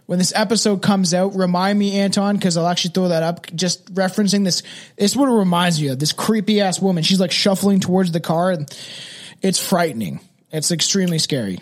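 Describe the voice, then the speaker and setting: A young man with a notably high voice hosts a podcast. He talks loosely and rambles, swears freely and drifts through stories in casual chat. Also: fairly quick. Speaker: podcast host.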